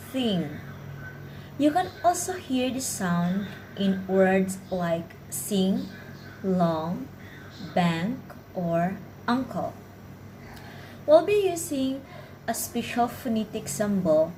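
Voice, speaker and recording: A woman narrates a pronunciation lesson. She takes her time, shaping each word slowly and precisely. Her pitch sits mid-range, and a faint hiss of noise runs behind her. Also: dark tone, rough recording. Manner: slow, careful, clearly enunciated delivery. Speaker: pronunciation teacher. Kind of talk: scripted instructional narration.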